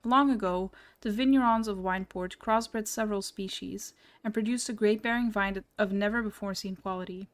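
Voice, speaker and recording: A woman reading a game townsperson's dialogue aloud in a measured, storytelling way. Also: medium pitch, steady tone, lightly acted. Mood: wistful.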